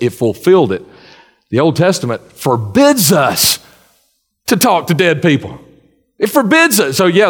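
A man's voice: high-pitched, long reverb tail. A man preaching a sermon in a folksy, conversational way, often restarting his sentences. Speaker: pastor.

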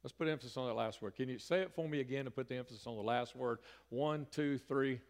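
Folksy pastor preaching in a hall. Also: male voice, mid-range voice, quick pace. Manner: folksy, conversational preaching with rising emphatic bursts. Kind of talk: sermon. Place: church sanctuary. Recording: reverberant church hall.

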